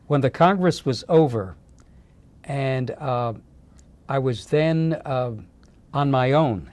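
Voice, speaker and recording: An older man, a talk show guest, telling a long personal story in a relaxed conversational way and jumping higher in pitch when he quotes other people. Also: dry recording. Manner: animated, lifts his pitch when quoting others.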